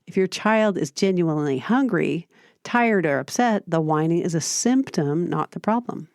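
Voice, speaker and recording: A woman hosting a parenting podcast, giving scripted advice in a calm, steady, explanatory way. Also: on the low side, moderate pace, no echo, studio quality. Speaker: podcast host.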